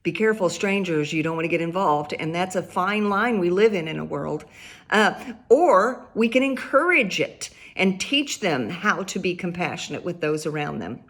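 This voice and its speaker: Middle-aged mom giving heartfelt parenting tips, casual and earnest, laughs easily. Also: female voice, fairly low pitch, lively intonation, moderate pace, fairly bright tone. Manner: earnest, conversational, laughs often, repeats key points. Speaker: parenting speaker. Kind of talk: advice talk to parents.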